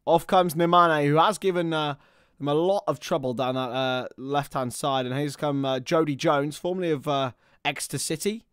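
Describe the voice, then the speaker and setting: A man giving live football commentary, chatty with listeners and bursting into shouts at chances and goals. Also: on the high side, normal speed, clear, resonant tone, no room sound, clean studio sound.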